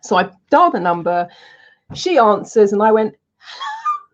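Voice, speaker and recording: A woman, a public speaking coach, telling anecdotes in a casual, animated way and acting out her own lines. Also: mid-range voice, moderate pace. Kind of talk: casual storytelling to camera. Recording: dull lo-fi sound.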